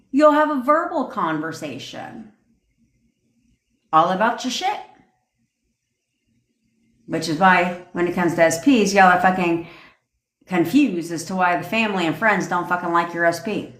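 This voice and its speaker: A woman's voice: mid-range voice, fairly bright tone. A woman coaching manifestation in a livestream rant, blunt and full of swearing as she lectures her viewers. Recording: roomy echo.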